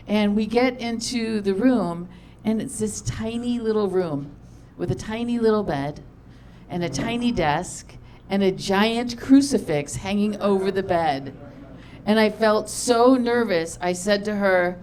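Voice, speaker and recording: A woman's voice: medium pitch, normal speed. Chatty woman telling a stand-up story. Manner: chatty, self-deprecating, many fillers and quoted dialogue. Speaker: stand-up comedian. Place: comedy festival stage.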